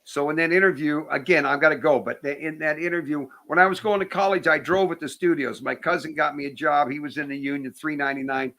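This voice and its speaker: A man's voice: on the high side, quick pace, hardly any pauses. A man in his seventies, a comedian and screenwriter, casually telling jokey anecdotes and acting out quotes as an interview guest. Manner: animated, jokey storyteller who acts out quotes.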